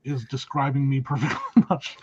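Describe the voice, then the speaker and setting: A man's voice: mid-range voice, big pitch swings, normal speed, darkish tone, husky. A man co-hosting a podcast, chatting casually with a dry, self-deprecating humor. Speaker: podcast co-host. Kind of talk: casual chat. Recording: dull lo-fi audio.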